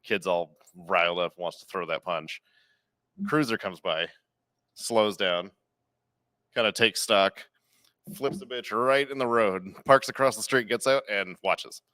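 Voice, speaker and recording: Podcast guy telling a bar story, lowish voice, acts out the lines, dead dry room. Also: measured pace, no room sound. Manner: animated, acts out quotes with big jumps in pitch. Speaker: podcast co-host, bar worker. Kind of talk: casual storytelling.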